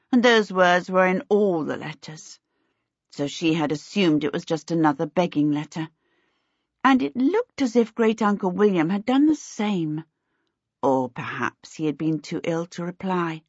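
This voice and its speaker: A woman reading a fantasy storybook aloud in a measured, expressive narration. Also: mid-range voice, no room sound. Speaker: audiobook narrator. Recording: dry, slightly dull recording.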